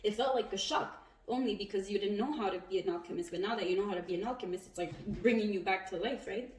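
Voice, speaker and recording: Woman, tarot reader, casual and expressive; roomy echo, a step back from the mic. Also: mid-range voice, fast, far from the mic. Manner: chatty, animated, swears and laughs often.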